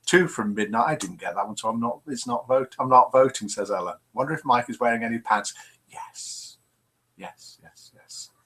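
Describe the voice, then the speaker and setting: A man's voice: medium pitch, quick pace, few pauses, sharp tone, breathy edge. An older man hosting a live web show, chatting casually and reading viewers' comments aloud with self-mocking humour.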